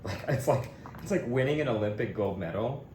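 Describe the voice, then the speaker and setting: Animated young man from Kentucky. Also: a little fast. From Louisville, Kentucky. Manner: animated storyteller, jumps into squeaky voices for quoted people. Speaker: podcast co-host. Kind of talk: casual storytelling chat. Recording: echoey room with background noise.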